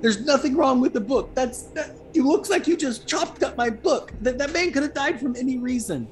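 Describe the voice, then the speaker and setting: A man's voice: expressive, slight background noise. A man voicing a nervous, sheepish man who stammers and protests his innocence. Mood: defensive. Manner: stammering, high-pitched, rapid protests. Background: faint background music.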